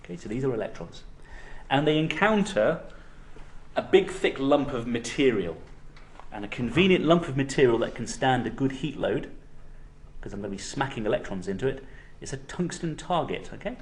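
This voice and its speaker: A man's voice: medium pitch, animated, moderate pace. Man giving a physics lecture. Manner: explanatory, frequent "okay?" checks. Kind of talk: university lecture.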